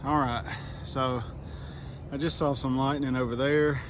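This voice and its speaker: Pedaling a bike outside, a Southern-accented vlogger chats to his audience out of breath, addressing them as y'all in a folksy, self-mocking way. He speaks at medium pitch, steady and unhurried, into an action camera over heavy traffic and road noise.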